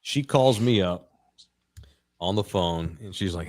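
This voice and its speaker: A man's voice: low-pitched, unhurried, a little mellow. Middle-aged man, podcast co-host, crude storytelling, laughing, casual.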